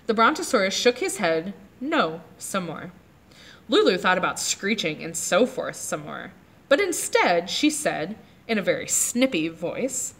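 A woman librarian reading a chapter book aloud to children, pausing to ask them about the pictures. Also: mid-range voice. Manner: animated, asks the kids questions about the pictures. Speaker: librarian leading children's story time.

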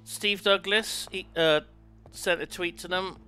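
A man in his thirties chatting on a live gaming stream, excitable and sweary with loud outbursts. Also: high voice, a little slow, faint music behind. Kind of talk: casual live-stream chat.

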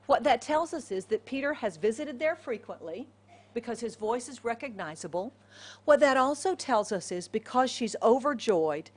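Animated woman pastor preaching. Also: a little high. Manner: animated, acts out voices of characters; asks the congregation questions. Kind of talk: sermon.

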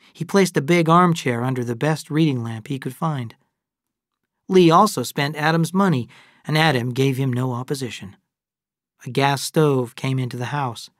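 Steady audiobook reader, even and calm, dry close sound. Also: mid-range voice, no room sound. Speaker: narrator. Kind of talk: audiobook narration.

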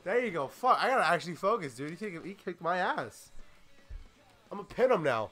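Excitable, foul-mouthed young gamer man. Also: sits high, normal speed, soft background music. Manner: excitable, swearing, yelling at the game. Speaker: gaming YouTuber. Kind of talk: let's play commentary.

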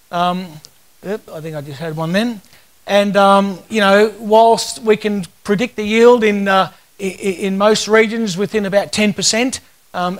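A man in his fifties with an Australian accent, giving a casual, joking conference talk full of stories. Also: sits high. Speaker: conference speaker.

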